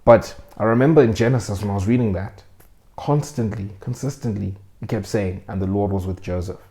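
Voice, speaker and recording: A man's voice: on the low side, a little fast, dark tone. A young man hosting a casual, earnest faith talk to his viewers, talking conversationally and acting out the voices he quotes. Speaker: host.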